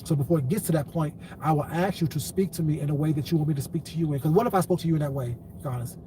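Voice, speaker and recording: A man on a live stream addresses his viewers in a long, blunt lecture that tips into cursing. His voice sits a little high. He is a little away from the microphone, with faint room noise behind him. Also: rapid-fire, warm tone. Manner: lecturing, then cursing angrily. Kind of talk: live-stream rant to chat. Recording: distant mic, faint ambient noise.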